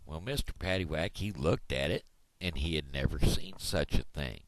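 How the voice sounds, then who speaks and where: A man's voice: extremely low pitch, moderate pace, no room sound. A man vlogging, telling jokes in a folksy storytelling way.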